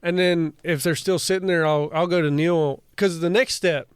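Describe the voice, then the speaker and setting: A man's voice: on the high side, fairly even intonation, normal speed, clear, resonant tone, no room sound, studio quality. A man co-hosting a podcast, rambling through stories, restarting sentences and swearing in casual chat. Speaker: podcast co-host.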